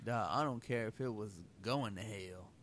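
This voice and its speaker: A man in casual podcast banter, telling stories with animated, incredulous reactions. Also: on the low side, normal speed. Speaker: co-host.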